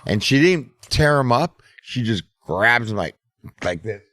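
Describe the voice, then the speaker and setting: A man's voice: medium pitch, lively intonation, a little slow, bright, forceful tone, no room sound. A middle-aged man telling a casual, profane story as a podcast host. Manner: profane, laid-back storyteller.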